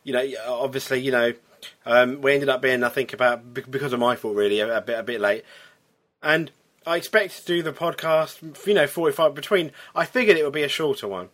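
A man's voice: medium pitch, fairly quick, a bit bright. A man co-hosting a wrestling podcast, talking in long rambling runs in casual chat. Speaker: podcast co-host.

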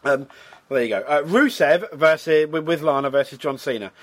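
A man's voice: fairly high pitch, a little fast. Hesitant male wrestling podcaster. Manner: hesitant, many fillers and restarts. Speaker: podcast co-host. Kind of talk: casual wrestling chat.

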